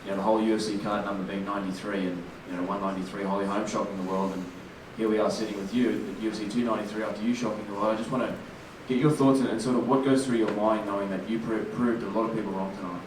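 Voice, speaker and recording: Male reporter, low-ish voice, quick and halting questions, far from the mic in an echoey room with noise. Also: fairly even intonation. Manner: long, hesitant questions full of fillers. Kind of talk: press conference question.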